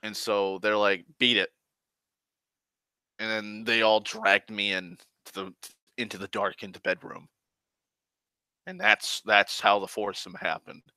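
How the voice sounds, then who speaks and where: A young man spins a casual, meandering story full of swearing, often stopping to correct himself mid-sentence. His voice sits a little low yet has a bright, forceful edge. The sound is close and dry. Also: level tone, a little slow, smooth, no echo. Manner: rambling, profane, often backtracks and corrects himself. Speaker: host.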